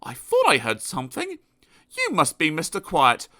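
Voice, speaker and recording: A man's voice: on the high side, huge pitch swings, normal speed, bright, forceful tone, pitched above the performer's own voice, heavily acted. A man doing a cheerful, beaming storybook host.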